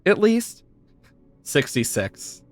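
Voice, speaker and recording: Lively chatty man streaming a game. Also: sits high, drawn-out words, faint music behind. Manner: chatty, laughs often, swears, talks to chat. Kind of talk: live gameplay commentary.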